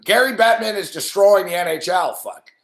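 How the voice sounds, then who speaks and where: A man hosts a late-night sports betting show, his voice fairly high. He rants with nonstop profanity and sneering impressions of the people he quotes. The recording sounds echoey, as if in a bare room. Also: normal speed, vocal fry, fairly bright tone. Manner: profane, angry ranting; mocking impressions of others. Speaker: host. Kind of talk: ranting sports betting commentary.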